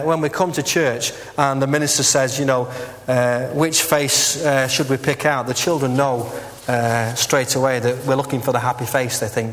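A man's voice: mid-range voice, big-room sound. A man preaching a conversational sermon as minister, earnest and candid, with frequent filler words. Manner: earnest and candid, with many "uh" and "you know" fillers. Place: church.

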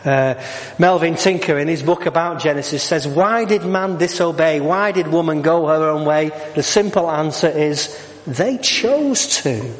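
Brief: middle-aged male preacher, slightly high voice, jokey, asks the room questions, long church reverb. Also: measured pace. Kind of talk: sermon.

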